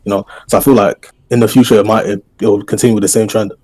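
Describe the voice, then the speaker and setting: A man talking quickly and casually in a podcast chat. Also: on the low side, flat delivery, darkish tone, no echo. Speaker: podcast guest editor.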